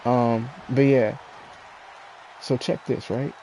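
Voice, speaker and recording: A man's voice: mid-range voice, fairly even intonation, takes it slowly, dark tone, slight background noise, rough recording. A man chatting casually and telling a personal story while playing a video game, laid-back and laughing often. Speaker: streamer.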